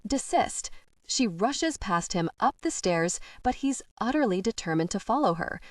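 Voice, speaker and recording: A woman reading an audiobook in a measured, expressive storytelling manner. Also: medium pitch, dry recording. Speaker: audiobook narrator. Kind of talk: scripted narration. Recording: dry, slightly distant mic.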